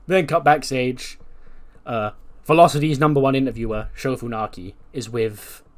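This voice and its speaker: A laid-back man talking through a game in casual let's-play commentary, with a middling pitch. He swears offhandedly and keeps things easygoing. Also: steady tone, normal speed. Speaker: gaming video host.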